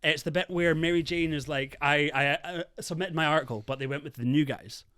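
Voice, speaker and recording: Fast-talking excitable man. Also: a little high, clean tone. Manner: fast, excitable, acts out his reactions. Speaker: podcast co-host. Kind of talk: casual chat.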